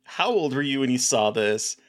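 A woman's voice: a bass voice, animated, normal speed. A woman co-hosting a casual movie podcast, dry, teasing and profane. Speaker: podcast co-host.

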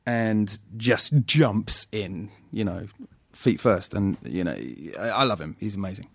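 British man telling lively stories. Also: lowish voice, a little slow, vocal fry, slightly rough, no echo. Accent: British English. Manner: animated storytelling, many restarts, laughs often. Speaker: actor guest. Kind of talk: podcast conversation.

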